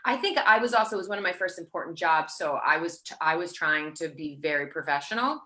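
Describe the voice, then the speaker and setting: A woman's voice: low voice, expressive, quick pace, sharp tone. A woman in her thirties chatting as an interview guest, rambling with many fillers and restarts. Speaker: guest actor. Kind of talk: casual interview chat.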